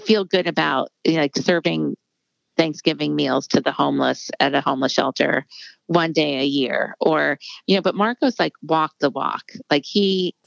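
A woman's voice: deep voice, normal speed, vocal fry, no room sound, highs cut off. A middle-aged woman author speaking candidly in a casual interview, rambling with many fillers. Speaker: author guest.

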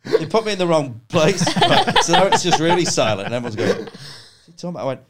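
A man tells a story on a podcast. His pitch swings widely as he acts out his own flustered reactions. He swears freely and keeps the story rolling. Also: sing-song, fast, very noisy. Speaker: comedian guest. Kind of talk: casual podcast chat.

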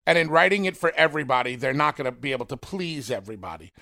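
A man's voice: mid-range voice, fast talker, vocal fry. A man co-hosting a casual wrestling talk show, speaking emphatically and addressing fans directly as a former professional. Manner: emphatic, animated, talks straight to fans. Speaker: podcast co-host, former wrestler.

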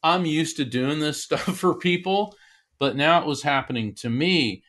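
A man's voice: on the high side, measured pace, a bit bright. A man, a medium and author, telling an earnest personal story as an interview guest, with many restarts. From Florida.

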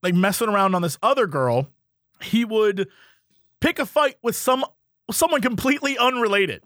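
A man co-hosting a podcast in casual chat, animated, acting out quotes in different voices. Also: high voice, normal speed, no echo, clean studio sound. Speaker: podcast co-host.

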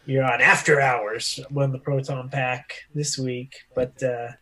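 A man's voice: medium pitch, little pitch movement, slow, bright, forceful tone. A man co-hosting a casual podcast, talking about games in a loose, jokey way and now and then slipping into goofy voices. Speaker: podcast co-host. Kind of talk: casual chat.

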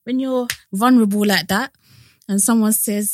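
A woman's voice: a little high, a little fast, slight background noise. A woman co-hosting a podcast, chatting casually, laughing often and sharing frank opinions. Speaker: podcast co-host. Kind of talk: casual chat.

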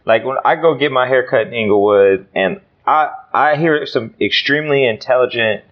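A man hosting a podcast, asking thoughtful questions with halting restarts. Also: medium pitch, dull audio. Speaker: podcast host. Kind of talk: conversational podcast interview.

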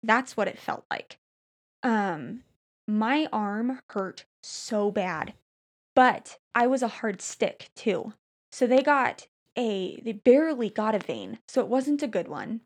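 A woman with a fairly high voice tells a long story in a relaxed chat, stopping and restarting often and padding with fillers. Her delivery is lively and personal, as if talking with a friend across the table. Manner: animated storytelling, frequent fillers and restarts, quick laughs. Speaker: storyteller recounting a hospital stay. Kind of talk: casual chat.

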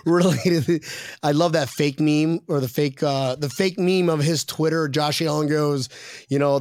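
A man hosts a casual podcast with a slightly high voice, joking and reading viewer comments out loud. The sound is dry and close. He talks like he is among friends. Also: a little slow, no room sound. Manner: jokey, reads viewer comments aloud. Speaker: podcast host. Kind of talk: casual chat.

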